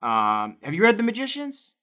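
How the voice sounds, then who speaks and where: A man's voice: sits high, wildly swooping pitch, normal speed, bright, forceful tone. A young man co-hosting, chatting casually and playfully while drawing, laughing often. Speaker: co-host.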